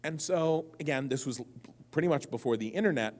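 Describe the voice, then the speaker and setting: A man's voice: on the high side, a little fast, darkish tone. A man answering audience questions on a convention stage, telling rambling, self-mocking stories that keep wandering off track. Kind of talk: live convention Q&A storytelling.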